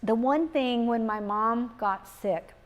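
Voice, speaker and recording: Middle-aged woman, a touch high, earnest grief talk, slow and reflective with repeated lines. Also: dull audio. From Texas. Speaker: speaker on grief. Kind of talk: gentle spoken talk on grief. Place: live talk in a community setting.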